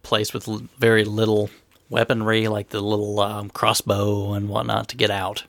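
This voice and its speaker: A man chatting casually about a video game, relaxed and hedging with "I think". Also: lowish voice, moderate pace, vocal fry, dry recording. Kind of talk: casual gaming chat.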